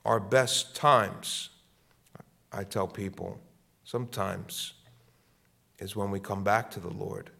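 A man's voice: on the low side, steady tone, takes it slowly, creaky, pauses often. Impassioned male pastor preaching. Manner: impassioned preaching, repeating lines, swinging between loud peaks and hushed passages. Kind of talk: sermon.

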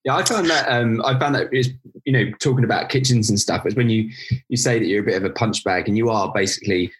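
A man hosting a podcast in casual chat, animated and acting out quotes. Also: fast talker. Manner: animated, acts out quotes in high voices. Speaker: podcast host.

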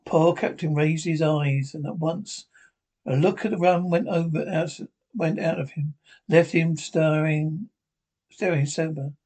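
A man's voice: fairly high pitch, fairly even intonation, measured pace, darkish tone. A man reading a classic adventure novel aloud in an unpolished way, with frequent slips and restarts. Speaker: reader.

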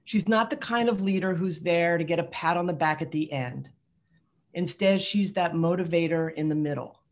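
A woman's voice: lowish voice, moderate pace. A woman giving a prepared, heartfelt tribute toast to a colleague at an awards event. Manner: heartfelt and rhetorical.

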